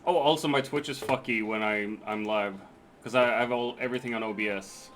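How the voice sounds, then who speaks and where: A man's voice: mid-range voice, fairly even intonation, brisk, fairly bright tone. A man chats loosely on his live stream, cracking jokes, swearing and laughing as he fumbles with his setup. His voice sits in an ordinary middle register. A faint hum of noise sits behind him. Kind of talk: casual chat while gaming on stream.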